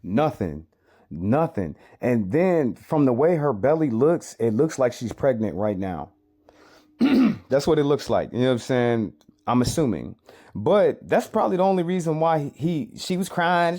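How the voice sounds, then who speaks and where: A man's voice: a little high, sing-song, moderate pace, warm tone. A man giving reaction commentary on a clip, emphatic and repetitive, often asking rhetorical questions.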